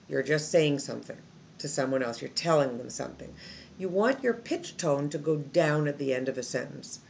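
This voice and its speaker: A woman teaching English intonation from a textbook, showing the pitch patterns with example sentences. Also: gravelly, a little mellow, slight background noise. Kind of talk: recorded textbook lesson. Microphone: phone camera.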